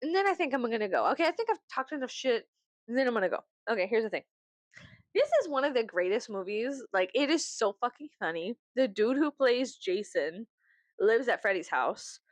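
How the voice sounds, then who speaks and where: Woman vlogging, high voice that swoops all over, cusses a lot, dry close sound. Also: fairly quick, no echo. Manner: animated, laughing, swearing, theatrical outbursts. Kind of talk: casual chat.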